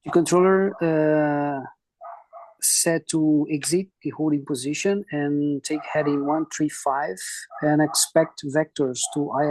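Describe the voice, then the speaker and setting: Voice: medium pitch, a little mellow, no echo, rough recording. A student pilot practicing aviation radio read-backs in a class, hesitant with many fillers.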